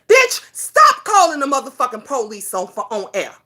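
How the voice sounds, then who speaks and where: A woman's voice: high voice, huge pitch swings, moderate pace, few pauses, sharp tone. A middle-aged woman hosts a talk show, ranting in a profane, emphatic monologue full of rhetorical questions.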